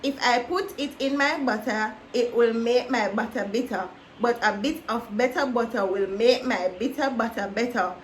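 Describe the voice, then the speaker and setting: A woman's voice: fairly high pitch, moderate pace, few pauses, a little hiss or hum. A woman vlogger taking on a tongue-twister challenge, giggling and stumbling over the words.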